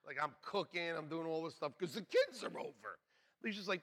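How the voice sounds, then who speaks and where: A man's voice: high-pitched, fairly quick, creaky. A middle-aged man preaching a sermon, telling jokey stories with laughs along the way. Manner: joking, animated storytelling with laughs. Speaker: pastor. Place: church sanctuary.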